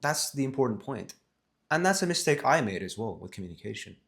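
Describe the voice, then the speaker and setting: Seated in front of a camera, a vlogger on communication skills talks casually in a mid-range, somewhat bright, creaky voice. He's very animated and brisk, rambling, correcting himself as he goes, and stressing words emphatically.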